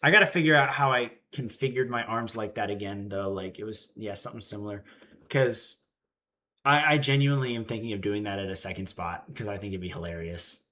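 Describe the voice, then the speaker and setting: A young man in his twenties chatting casually on a livestream and telling an animated story, acting out the quotes. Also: lowish voice, a little fast. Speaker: streamer.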